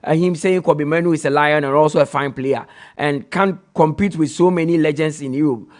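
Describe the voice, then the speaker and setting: Ghanaian host reading listener texts. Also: male voice, a little high. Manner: reads texts aloud briskly. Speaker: radio sports show host. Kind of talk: reading listener messages on air.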